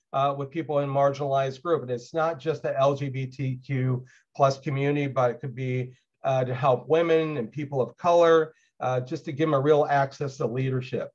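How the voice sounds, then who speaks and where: Man lecturing over dull lo-fi audio. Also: mid-range voice. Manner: conversational, frequent "uh" fillers. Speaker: LGBTQ+ lecturer. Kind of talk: personal storytelling lecture. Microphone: video call.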